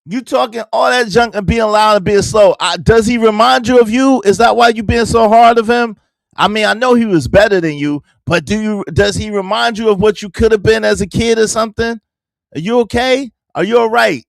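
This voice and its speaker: Male stream host, gravelly, dry close mic, teasing chat banter. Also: high voice, normal speed, no room sound. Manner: teasing, repeats phrases, talks back to chat. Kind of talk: casual live-stream commentary.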